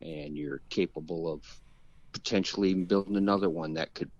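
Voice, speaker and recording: A man's voice: low voice, steady tone, fairly quick, darkish tone, dry recording, dull audio. A man, a guest car builder, telling stories in a rambling, casual way and chuckling often. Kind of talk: casual storytelling.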